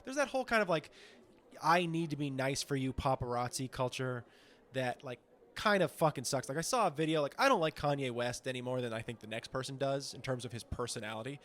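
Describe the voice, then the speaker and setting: A man co-hosting a comedy podcast in casual, rambling chat, swearing often and acting out quotes in a high voice. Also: quick pace, fairly bright tone. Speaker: podcast co-host.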